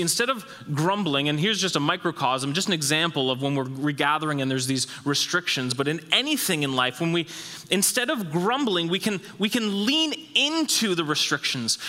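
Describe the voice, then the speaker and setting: A man preaching a sermon as pastor, emphatic and repetitive, his voice rising high when he stresses a point. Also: bright, forceful tone, big-room sound. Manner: emphatic, repeats phrases, rises in pitch when stressing a point.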